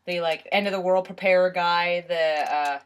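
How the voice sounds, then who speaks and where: A woman's voice: fairly low pitch, steady tone, moderate pace, clear, resonant tone. A young woman co-hosting a casual podcast, often stumbling over words as she asks questions. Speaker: podcast co-host. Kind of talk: casual chat.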